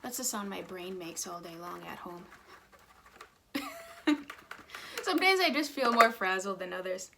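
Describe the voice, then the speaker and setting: A woman's voice: medium pitch, animated, a little slow, creaky, long pauses, background noise. A woman in her thirties chatting casually through a get-ready-with-me vlog, rambling and sometimes dropping to a whisper, filmed close on a phone at home. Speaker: beauty vlogger. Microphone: phone camera close up.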